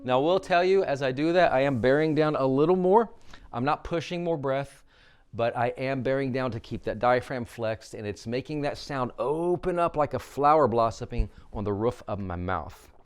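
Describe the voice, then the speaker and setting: A man coaching vocal exercises, guiding listeners through a warmup with upbeat instructions. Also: mid-range voice, expressive, normal speed, clear, resonant tone.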